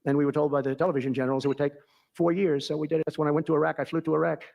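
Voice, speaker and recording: A man's voice: a little high, flat delivery, very fast, vocal fry, a little mellow. A man giving a boastful, rambling anecdotal speech, repeating himself as he digresses. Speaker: speaker telling a story at an event.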